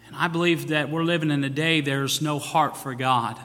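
Pastor preaching in a reverberant church. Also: male voice, fairly high pitch, steady tone, normal speed, sharp tone. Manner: preaching with rising emphasis and scripture quotes. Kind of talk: sermon.

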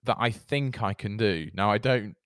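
A man's voice: lowish voice, normal speed, fairly bright tone, no echo, studio quality. A man co-hosting a podcast, rambling and joking, often stopping and restarting. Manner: rambling, self-interrupting, jokey. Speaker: podcast co-host. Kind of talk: casual chat.

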